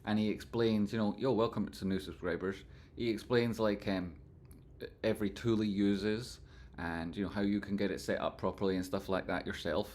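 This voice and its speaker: A man's voice: lowish voice, steady tone, normal speed, darkish tone, slight background noise. A man hosting a live stream in casual chat, reading out and thanking viewers and breaking into playful sung phrases. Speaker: livestream host.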